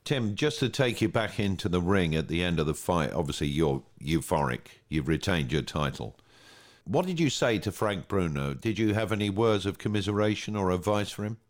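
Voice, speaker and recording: A very deep-voiced man interviews a guest on a podcast. He presses with quick follow-ups and keeps circling back to the question. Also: very animated. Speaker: podcast host.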